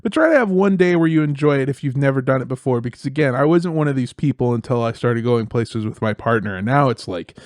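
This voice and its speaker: A man's voice: mid-range voice, expressive, fast talker, few pauses, darkish tone, dry recording, studio quality. A young man co-hosting a podcast, chatting casually with crude jokes and lots of swearing. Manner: crude, jokey, swears often. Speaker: podcast co-host. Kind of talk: casual comedic podcast chat.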